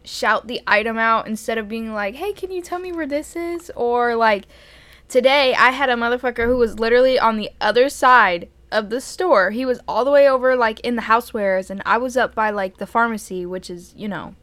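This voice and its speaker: Bright-voiced young woman telling stories. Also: fairly high pitch, moderate pace, dry recording. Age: young adult. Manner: profane, exasperated storytelling with frequent laughs. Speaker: podcast co-host. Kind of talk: casual storytelling chat.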